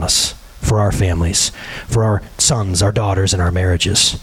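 A man's voice: on the low side, normal speed, husky. A man in his thirties giving a sermon as a pastor, earnest and full of rhetorical questions.

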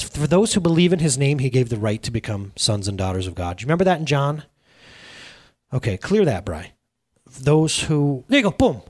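A male pastor preaching a sermon in an energetic, emphatic, conversational way. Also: a little high.

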